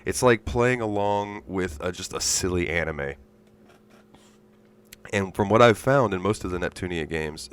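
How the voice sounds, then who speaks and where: Low smooth-voiced man giving a chatty review. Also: fairly bright tone. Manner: chatty, rambling with fillers. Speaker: podcast guest reviewer. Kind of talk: recorded audio review.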